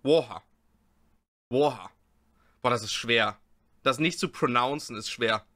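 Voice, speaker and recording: A man's voice: medium pitch, moderate pace, a crowd in the background. A German man streaming live, copying English phrases and commenting on them. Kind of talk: casual live-stream chat.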